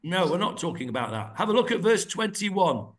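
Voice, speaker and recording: A man teaching a Bible class, reading verses aloud, explaining them and quizzing his students, often pausing with fillers as he searches for words. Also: high voice, very animated. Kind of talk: interactive text study.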